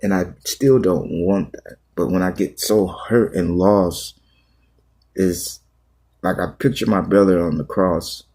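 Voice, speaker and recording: A man who is a pastor talking on a livestream, confessing in a halting, repetitive, raw way. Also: deep voice, warm tone. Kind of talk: emotional confessional livestream talk.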